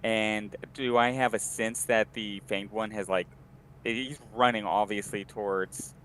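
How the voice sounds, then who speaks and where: A man's voice: on the low side, steady tone, a little slow, a bit bright, a little hiss or hum. A man playing a tabletop game, hesitantly thinking through his options aloud. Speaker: player.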